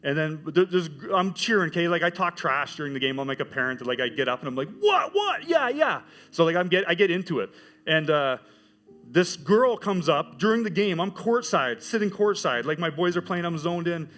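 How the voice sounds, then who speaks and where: A middle-aged man telling his church testimony as a teacher, with animated storytelling. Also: a little high, brisk. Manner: animated storytelling, acts out quoted voices. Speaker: high school teacher giving a testimony.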